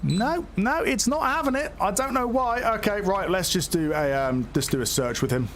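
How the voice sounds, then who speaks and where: A man plays a police game on a live stream, talking himself through it in a chatty, hesitant way full of fillers and self-talk. He sounds high, animated, and a bit bright at normal speed, with slight background noise.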